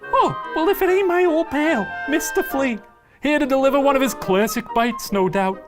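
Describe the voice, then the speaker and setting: A man voicing a chatty male street rat in a puppet show, with a shaky put-on tough accent that slips into a timid squeak. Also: lively intonation, normal speed, music in the background. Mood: chummy.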